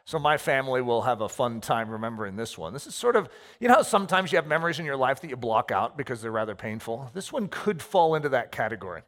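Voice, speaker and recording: A pastor giving an animated sermon, telling stories with acted-out asides. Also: male voice, mid-range voice, fast talker, few pauses. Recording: reverberant hall.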